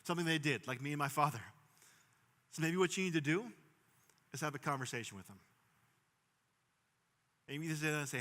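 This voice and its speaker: Earnest young pastor in a reverberant hall. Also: male voice, a little high, brisk, pauses often. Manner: earnest, rising to emphatic bursts then dropping soft. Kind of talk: sermon.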